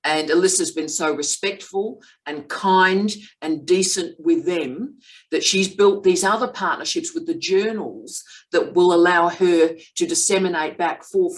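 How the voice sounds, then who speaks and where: A woman's voice: fairly low pitch, poor audio. A middle-aged woman hosting an academic chat, praising her PhD student in an effusive, emphatic way. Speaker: vlog host and PhD supervisor. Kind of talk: casual academic conversation.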